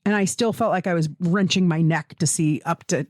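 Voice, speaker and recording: A woman's voice: fairly low pitch, a little fast, a little mellow, dry recording, clean studio sound. A woman co-hosting a podcast in casual chat, rambling, laughing often and swearing freely. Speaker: podcast co-host.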